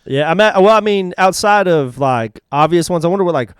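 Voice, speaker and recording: Musing man, smooth mid voice. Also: fairly high pitch, expressive, no room sound, studio quality. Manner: musing, halting, many "like" and "uh". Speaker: podcast co-host. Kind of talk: casual chat.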